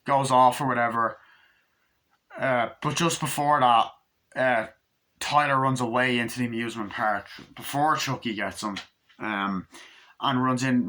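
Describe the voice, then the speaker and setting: Man, casual movie recap, bright forceful voice, excitable, swears freely. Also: medium pitch, measured pace, pauses often. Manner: excitable, swears a lot, acts out scenes. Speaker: movie reviewer.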